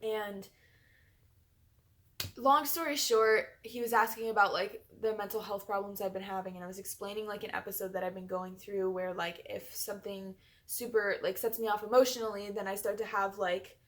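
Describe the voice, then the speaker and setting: A woman's voice: medium pitch, steady tone, normal speed, fairly bright tone. A young woman telling a personal story in a chatty vlog, full of fillers. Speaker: vlogger.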